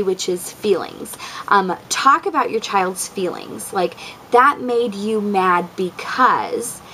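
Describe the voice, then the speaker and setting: Mid-range and a bit bright, her voice comes through a low-quality recording with slight background noise. As a parent vlogger, she gives laid-back parenting tips, peppered with ums and likes, often performing what she says to her children.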